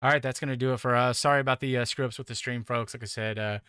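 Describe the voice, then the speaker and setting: A man's voice: mid-range voice, steady tone, racing, sharp tone, clean tone, no echo, studio quality. A man hosting a sim racing broadcast, wrapping up the show in a rambling, self-deprecating way with many fillers. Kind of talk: casual closing commentary.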